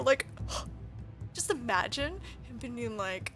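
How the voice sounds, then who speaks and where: A woman's voice: high-pitched, unhurried, faint music behind. A young woman streaming a visual novel, reading the lines aloud and reacting with gasps, laughs and swearing. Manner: excitable, swearing, gasping and laughing.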